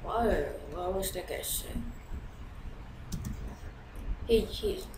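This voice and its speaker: A woman giving live commentary over her own gameplay, chatty and excitable, swinging from low mutters to sudden shouts. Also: unhurried, pauses often, echoey room, slight background noise, poor audio. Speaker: gamer.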